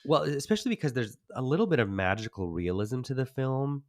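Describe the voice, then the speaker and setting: A man's voice: mid-range voice, sing-song, fast, dry recording, studio quality. A man co-hosting a casual film review podcast, talking in an easygoing, knowledgeable way with wry asides. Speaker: podcast co-host.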